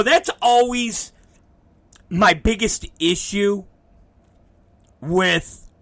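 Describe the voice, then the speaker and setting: A man runs his own podcast, talking casually with frequent profanity and performing both sides of conversations from his life. His voice is high-pitched and sharp, with vocal fry. No echo is heard.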